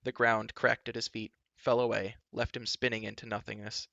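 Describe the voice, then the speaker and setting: A man reading a fantasy storybook aloud in steady, dramatic narration, on a dull lo-fi recording. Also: lowish voice, moderate pace, vocal fry, dry recording. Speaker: reader.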